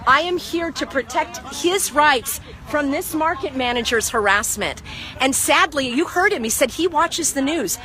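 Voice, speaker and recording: A woman's voice: sits high, expressive, moderate pace, pushed and bright, a faint crowd. A woman filming with a handheld phone at an outdoor market, lecturing people insistently and preachily about the law. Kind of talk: impassioned street lecturing.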